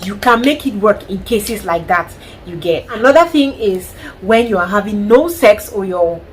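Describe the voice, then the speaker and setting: A Cameroonian woman vlogger giving frank, animated advice with a Cameroonian accent in a casual monologue. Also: mid-range voice, normal speed, poor audio. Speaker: lifestyle vlogger.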